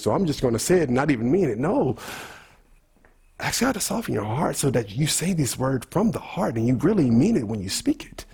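A man's voice: a little high, a little mellow, husky. A man preaching a sermon, teaching through a letter in casual, emphatic speech that repeats words and mixes scripture with everyday talk.

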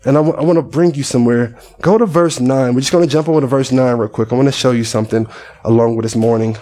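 A man's voice: medium pitch, fairly even intonation, quick pace, dark tone. A male pastor preaching a sermon with passion, often speaking the psalmist's prayers aloud as if they were his own.

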